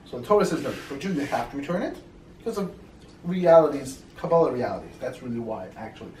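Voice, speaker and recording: A man teaching an informal Torah class, telling stories quickly and animatedly with lots of fillers. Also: mid-range voice. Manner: fast, animated storytelling with many fillers. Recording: echoey room, mic far off, faint noise.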